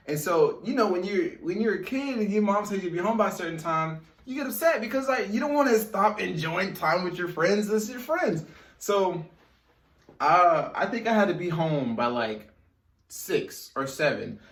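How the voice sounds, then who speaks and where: A young man tells a childhood story, animated and chatty, talking right to his viewers. His voice sits a little high for a man. He is set back from the mic in a bare, echoey room. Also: recorded from a distance. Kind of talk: casual story time.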